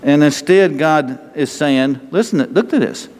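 A man with a North Texas accent, a pastor giving a lively, conversational sermon full of rhetorical questions. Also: fairly high pitch, unhurried, in a large hall.

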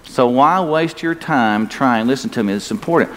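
Preaching in a church sanctuary, this older man speaks at normal speed in an animated, mid-range voice, folksy and emphatic, lifting his tone on the points that matter. Long hall reverb and faint ambience fill the recording.

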